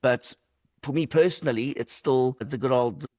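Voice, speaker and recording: A man's voice: medium pitch, normal speed, darkish tone, no room sound. A middle-aged man, a podcast guest answering reflectively with light humor over a video call. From South Africa. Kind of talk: conversational interview answers.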